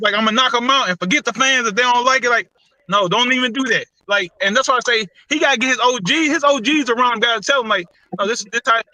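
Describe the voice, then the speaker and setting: A man's voice: extremely high pitch, sharp tone, dry recording, low-quality recording. A man hosting a casual boxing talk show, loose and opinionated, with a lot of slang and repeated words. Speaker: boxing podcast host.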